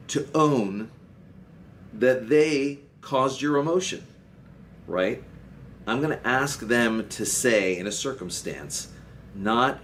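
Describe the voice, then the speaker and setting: A man with a fairly low voice, talking as a marriage and family therapist in an easygoing explainer style. He keeps checking in with the listener as he goes. A faint hiss sits under the recording. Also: fairly bright tone. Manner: conversational, checks in often with okay and right. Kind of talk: solo explainer talk to camera. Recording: faint background noise.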